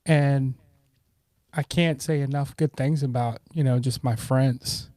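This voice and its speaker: A middle-aged man, a podcast guest, telling relaxed personal stories and acting out what friends said. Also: mid-range voice, a little slow, no room sound. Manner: relaxed, warm, acts out quoted friends. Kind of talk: casual storytelling.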